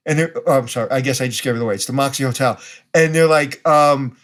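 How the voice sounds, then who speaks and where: Fast and slightly bright at a medium pitch, this man from Brooklyn, New York is a podcast guest in a relaxed interview. He talks in a blunt, direct way and performs snippets of dialogue.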